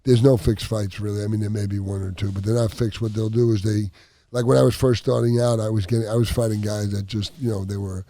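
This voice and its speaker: A man, a former boxer, telling rambling, halting stories as a podcast host. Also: on the low side, level tone, warm tone, no echo. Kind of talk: casual storytelling chat. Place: studio with others at a table.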